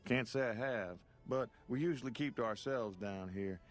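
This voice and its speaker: A man's voice: medium pitch, normal speed, soft background music, close to an everyday voice. An actor playing a folksy rural townsman with a Southern drawl, wary of strangers, in a video game. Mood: matter-of-fact. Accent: American Southern.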